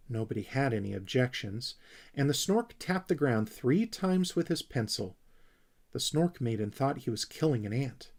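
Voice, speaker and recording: A man narrating a children's storybook in a gentle, expressive way. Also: medium pitch, normal speed, creaky. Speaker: audiobook reader.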